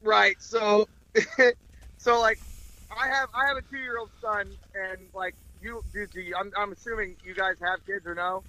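A man's voice: sits high, fairly even intonation, moderate pace, pushed and bright, poor audio. A man in his twenties, a comedian guest on a podcast, telling profane rambling stories and laughing often. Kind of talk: casual podcast storytelling.

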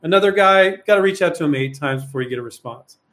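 A man hosts a casual live question-and-answer session, coaching viewers bluntly. He rambles, fills pauses with "um" and fires off rhetorical questions. His voice sits a little high for a man. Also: a bit bright.

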